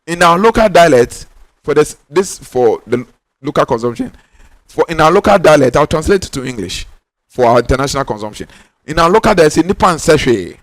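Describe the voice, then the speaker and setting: A man's voice: fairly high pitch, sing-song, no room sound. Ghanaian male spiritual teacher, raised voice, insistent delivery, dry room. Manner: emphatic, repeats key lines for stress; insistent, drawn-out stressed words.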